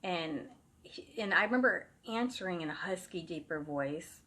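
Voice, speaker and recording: Husky-voiced woman telling a ghost story. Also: lowish voice, lively intonation, moderate pace, sharp tone. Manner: rambling and chatty, with frequent "like" fillers and restarts. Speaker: psychic medium telling a true story. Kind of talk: casual first-person storytelling.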